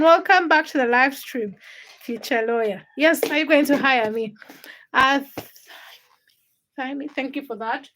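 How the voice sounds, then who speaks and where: Woman livestream host from Uganda, high bright voice, chatty and friendly, reading and answering comments from home. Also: moderate pace, long pauses, slight background noise. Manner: chatty, greets viewers by name, answers comments. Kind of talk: casual livestream chat greeting viewers.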